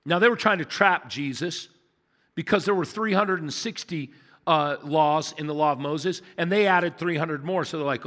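A man's voice: a little high, moderate pace, a bit bright. A man in his fifties, a pastor, preaching a sermon with emphatic repetition and rhetorical questions in a large church. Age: 50s. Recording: long hall reverb.

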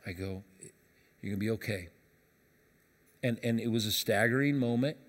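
A man pastor preaching a sermon, telling a story softly and then rising into emphatic preaching. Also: fairly low pitch, moderate pace. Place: church auditorium. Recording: long reverb of a large hall.

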